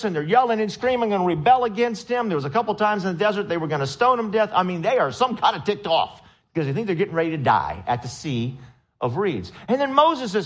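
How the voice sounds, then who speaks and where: A man preaching a sermon, retelling a story with lively acted-out quotes and questions to the congregation. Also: sits high, fast. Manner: animated storytelling, acts out quotes in raised voice. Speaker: pastor.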